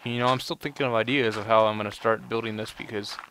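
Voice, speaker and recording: A man's voice: fairly low pitch, fairly even intonation, fast talker, a bit bright, slight background noise. A young man giving casual let's play commentary, rambling and full of "you know" fillers. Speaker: gameplay commentator.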